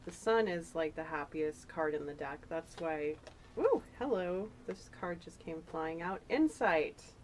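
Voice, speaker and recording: A woman with a low voice gives a casual tarot reading, chatty and rambling. She gets emotional as she talks. Faint noise sits behind her. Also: lively intonation, a little slow, low-quality recording. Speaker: tarot reader.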